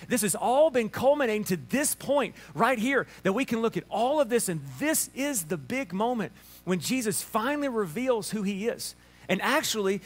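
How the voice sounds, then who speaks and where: Animated Alabama-accented pastor. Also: male voice, sits high. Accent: Southern US, Alabama. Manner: storytelling with restarts and chuckles. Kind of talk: sermon.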